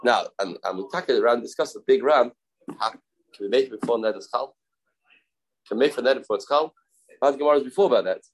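A man teaching a Talmud lesson, halting and repeating phrases, mixing English with Hebrew and Aramaic terms. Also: mid-range voice, low-quality recording. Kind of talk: Talmud study class.

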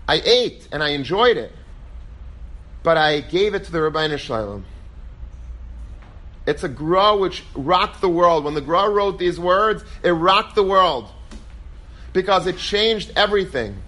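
A man teaching a Torah class as a rabbi, telling stories in a lively way and acting out quoted voices. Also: sits high, a little slow, pauses often. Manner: animated, acts out quoted voices; lively storytelling, peppered with Hebrew and Yiddish terms.

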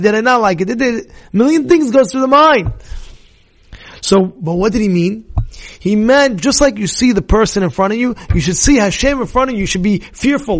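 A man teaching a Torah class as a rabbi, animated and emphatic, repeating phrases to drive points home. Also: sits high, a little fast. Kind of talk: lively sermon-style Torah lesson.

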